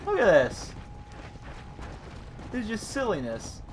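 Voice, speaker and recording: Excitable young man commentating a game. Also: high voice, slow pace, background noise. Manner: excitable, jokey, bursts into shouts. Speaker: gaming commentator. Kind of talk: casual let's-play commentary. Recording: voice over loud game sounds. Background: game sounds, horse hooves.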